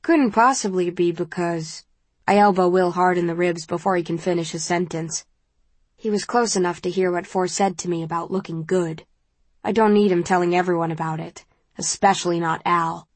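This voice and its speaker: A woman reads a first-person novel aloud in a calm, measured manner. Her voice sits on the lower side. The recording is close and completely dry. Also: dry recording. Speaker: audiobook narrator.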